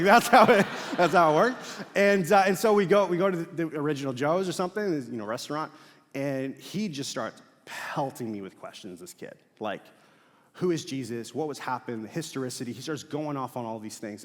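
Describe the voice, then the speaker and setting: Casual young pastor in a reverberant hall. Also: male voice, fairly high pitch, a little fast. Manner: casual, animated storytelling with fillers and laughs. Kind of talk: sermon with storytelling. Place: large church auditorium.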